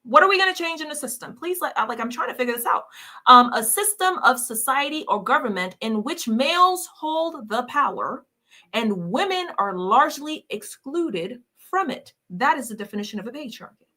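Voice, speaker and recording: A woman's voice: a little high, very animated, normal speed, pushed and bright. A woman hosting a reaction commentary, talking in a scornful, combative way and repeating her questions mockingly. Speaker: commentary host reacting to clips.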